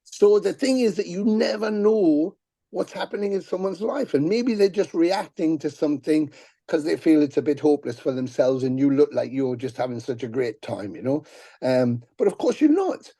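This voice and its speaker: A middle-aged man, a musician guest telling profane, animated stories on a podcast and acting out the people he quotes. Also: on the high side, moderate pace, creaky, no room sound. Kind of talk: casual podcast storytelling.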